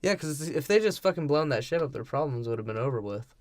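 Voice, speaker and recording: A man's voice: on the high side, animated, quick pace, no room sound, clean studio sound. Casual swearing podcast co-host man. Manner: laughs often, swears casually. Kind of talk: casual movie breakdown chat.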